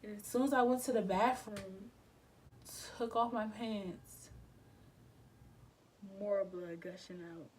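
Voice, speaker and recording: A woman's voice: mid-range voice, fairly even intonation, slow, long pauses, background noise. A young woman telling a storytime vlog in an emotional, slangy way, swearing often and acting out her past reactions. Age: young adult. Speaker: vlogger.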